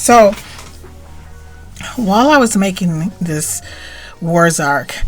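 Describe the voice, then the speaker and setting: A middle-aged woman hosting her own channel, telling a personal story in a rambling, chatty way that keeps interrupting itself. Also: fairly low pitch. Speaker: channel host. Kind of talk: casual storytelling to camera.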